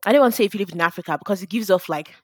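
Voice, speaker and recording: A young woman, co-hosting a casual podcast chat, playful and quick to agree. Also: medium pitch, a little mellow. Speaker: podcast co-host.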